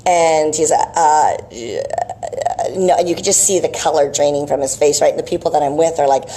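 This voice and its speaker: A woman's voice: low voice, little pitch movement, brisk, warm tone, slightly rough. A woman vlogging about health, telling a rambling story in a casual, chatty way and checking in with "right?" asides.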